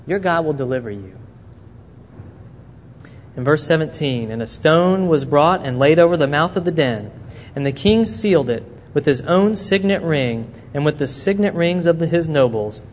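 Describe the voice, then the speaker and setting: Man preaching in an echoing hall. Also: a little high. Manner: animated storytelling, acting out quotes. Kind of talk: sermon. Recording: long reverb in a hall, faint noise.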